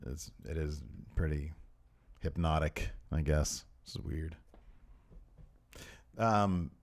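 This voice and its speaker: A man's voice: a bass voice, takes it slowly. A man co-hosting a podcast in casual chat, joking and laughing often as he talks. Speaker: podcast co-host.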